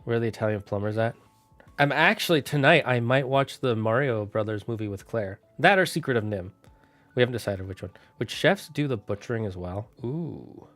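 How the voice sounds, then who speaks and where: Casual streamer musing aloud, dry sound. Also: male voice, medium pitch, lively intonation, dry recording, faint music behind. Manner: musing aloud, thinks out loud with quick asides. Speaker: streamer running a worldbuilding chat. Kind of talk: casual live-stream chat, reading chat aloud.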